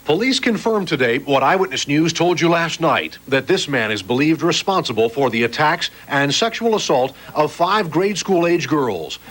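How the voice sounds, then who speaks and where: A male TV news reporter giving a measured, serious field report outdoors in the city. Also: a little high, animated, fairly bright tone, rough recording. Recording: 1980s TV news with faint street noise.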